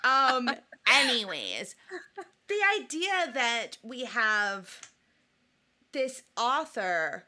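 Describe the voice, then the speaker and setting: A woman co-hosting a podcast in casual chat, animated and jokey, often acting out quotes from the film. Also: a little high, drawn-out words. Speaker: podcast co-host.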